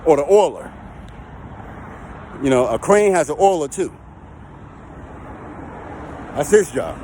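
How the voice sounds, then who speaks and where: His voice a little high, warm and sing-song, this heavy equipment and recovery operator takes it slowly while chatting to camera about the work. He repeats himself and keeps checking in with the listener, with a little hiss or hum in the audio.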